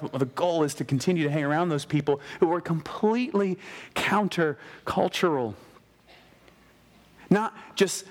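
A middle-aged man preaching a conversational sermon in an animated way, speaking straight to the people in front of him. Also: high voice. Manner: animated, talks straight to the listeners.

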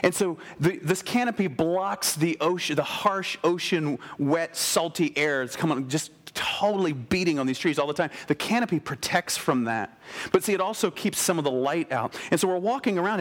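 A middle-aged man preaching a conversational sermon in an animated way, speaking straight to the people in front of him. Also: on the high side, normal speed. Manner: animated, talks straight to the listeners.

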